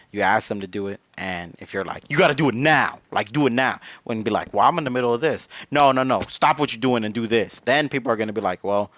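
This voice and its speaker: A man's voice: on the low side, no echo. A young man chatting casually and rambling in slang while he plays a video game. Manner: rambling, slangy, animated storytelling. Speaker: gaming channel host. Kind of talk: casual chat while gaming.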